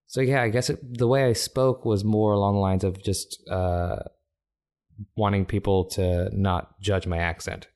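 A man with a fairly low voice, a comedian from Africa, chats as a podcast guest. He talks in bursts with plenty of restarts and frequent laughter. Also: measured pace. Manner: animated, laughs often, many restarts. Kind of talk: casual conversation.

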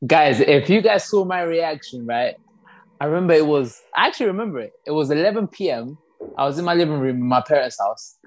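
A man's voice: on the high side, lively intonation, a little fast. A man co-hosting a podcast who thanks his guest in an earnest, gushing way, swearing casually. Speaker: podcast co-host. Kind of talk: casual chat.

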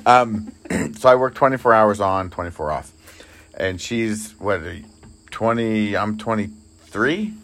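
A man co-hosting a podcast with his wife, telling a story in a relaxed, chatty way. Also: fairly low pitch, unhurried. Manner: animated storyteller, voices his wife's lines. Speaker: podcast co-host. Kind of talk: casual storytelling chat.

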